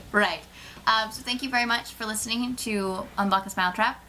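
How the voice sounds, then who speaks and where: A woman's voice: medium pitch, fairly even intonation, moderate pace, background noise. A woman hosting a casual podcast, giggling often and wrapping up the show with a string of cheerful greetings. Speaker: podcast host. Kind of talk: casual chat.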